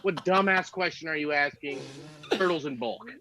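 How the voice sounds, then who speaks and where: A man's voice: on the high side, moderate pace, bright, forceful tone. A man in his thirties doing a rambling, self-mocking stand-up set over a video call, laughing at his own jokes. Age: 30s. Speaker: stand-up comic.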